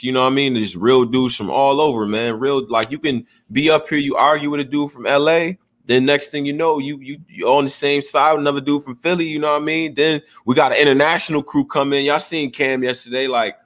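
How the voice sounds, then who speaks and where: A man's voice: mid-range voice, fairly quick, few pauses, fairly bright tone. A middle-aged man hosting a casual streamed chat, talking in loose slangy banter. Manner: loose slangy banter, frequent "you know what I mean". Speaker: stream host.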